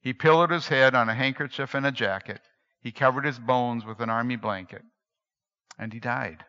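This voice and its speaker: A man reading a story aloud dramatically, moving between hushed and emphatic delivery. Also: medium pitch, moderate pace, smooth. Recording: dull lo-fi recording in a reverberant hall.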